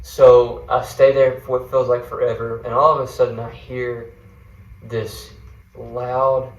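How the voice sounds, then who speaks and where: A man's voice: mid-range voice, little pitch movement, a little slow, echoey room, distant mic, slight background noise, rough recording. A man, a guest mentor, tells a personal faith story in an earnest, rambling way, full of fillers and restarts. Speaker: guest mentor sharing a testimony.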